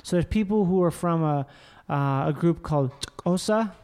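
A man in casual chat, telling stories in a lively, profane, animated way. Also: on the high side, normal speed, smooth.

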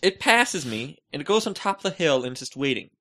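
A man co-hosting a podcast, telling rambling stories with jokey, deadpan asides in casual chat. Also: fairly high pitch, fast. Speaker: podcast co-host.

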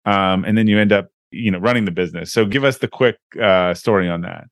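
A man's voice: deep voice, brisk, dry recording, clean studio sound. A man hosting an interview, easygoing and conversational, summing up the guest's story and prompting him to fill in the details. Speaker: podcast host.

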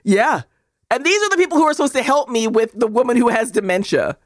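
A woman's voice: a little high, lively intonation, fast, no echo, clean studio sound. A woman co-hosting a podcast, telling profane, exasperated stories with bursts of laughter. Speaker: podcast co-host. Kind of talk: casual chat.

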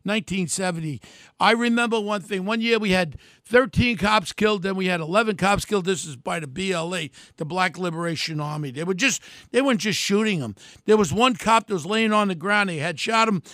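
High, gravelly older man ranting. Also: a little fast, no echo, studio quality. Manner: yelling, ranting, name-calling. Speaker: political commentator. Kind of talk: fiery political rant.

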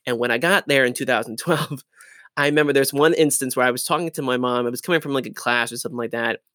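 A young man, a Broadway dancer, chatting as an interview guest, animated and laughing often as he tells stories. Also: medium pitch, fast talker, no room sound, studio quality. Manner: animated, laughs often, restarts and trails off mid-sentence. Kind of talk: casual interview storytelling.

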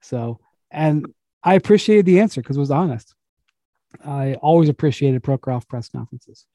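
Animated male podcast host, dry sound. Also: mid-range voice, moderate pace, dry recording. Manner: animated storyteller, laughs while telling anecdotes. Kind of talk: casual chat.

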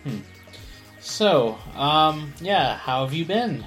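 A man's voice: fairly high pitch, lively intonation, slow, a bit bright, faint music behind. A man co-hosting a podcast in casual chat, often restarting his words. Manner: hesitant, with repeated restarts. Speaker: podcast co-host.

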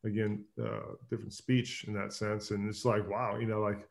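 A man in his thirties from Minnesota, a guest chatting casually in a relaxed way and letting his sentences trail off quietly. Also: lowish voice, moderate pace, creaky. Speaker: guest, former football player. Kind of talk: casual interview chat.

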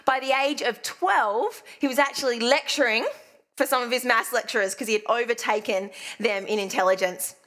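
Young Australian woman preacher, high bright voice, casual and self-mocking. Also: normal speed. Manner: chatty, self-deprecating storyteller. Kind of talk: sermon with personal stories.

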